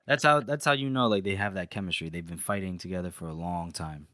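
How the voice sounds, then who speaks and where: A man's voice: low voice, fast, pushed and bright, no echo, clean studio sound. A young adult man co-hosting a podcast, casually retelling book scenes and acting out lines of dialogue. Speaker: podcast co-host.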